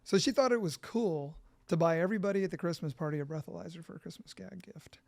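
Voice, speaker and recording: Appearing on a podcast, a middle-aged Californian recounts his story with animated energy and profanity, acting out the quotes. His voice is a little high and creaky, and he talks fast.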